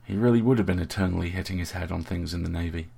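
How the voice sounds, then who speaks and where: Deep gravelly guy reading an audiobook, kinda husky, steady pace. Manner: steady, measured storytelling. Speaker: narrator. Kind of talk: audiobook narration.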